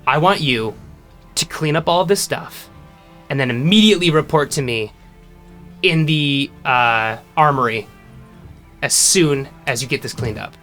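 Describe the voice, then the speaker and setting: A man's voice: medium pitch, unhurried, long pauses, a bit bright, faint music behind, natural voice. A man voicing a scowling, short-tempered male guard sergeant who barks orders and repeats himself. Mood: stern. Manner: barking, demanding, repeats himself.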